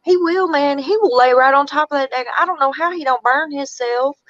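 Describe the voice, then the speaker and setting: A woman's voice: high-pitched, a little fast, a bit bright, no room sound. Chatty woman on a dull, dry line. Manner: chatty, slangy, laughs along. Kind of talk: casual chat.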